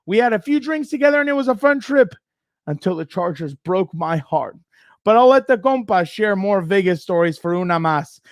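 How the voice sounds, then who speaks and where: A man co-hosting a sports podcast, ranting in a worked-up way with loud, fast bursts. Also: sits high, animated, no room sound, studio quality. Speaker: podcast co-host. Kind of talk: fired-up sports rant.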